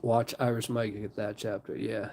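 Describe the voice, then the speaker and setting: A man's voice: lowish voice, level tone, normal speed, gravelly, a little mellow, a little hiss or hum. Rambling man hosting a live stream. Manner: rambling, many fillers like "like". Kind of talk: casual live-stream chat.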